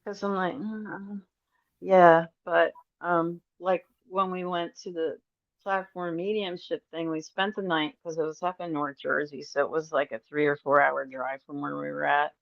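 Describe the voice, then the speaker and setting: A middle-aged woman, a podcast guest, telling rambling, animated stories and acting out the voices of the people in them. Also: low-pitched, moderate pace, gravelly, no room sound. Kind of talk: casual storytelling interview. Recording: dry, slightly dull audio.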